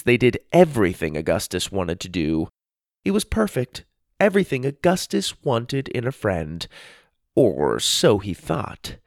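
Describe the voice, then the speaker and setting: A man narrating a children's storybook in an expressive, playful reading. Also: mid-range voice, no room sound, clean studio sound.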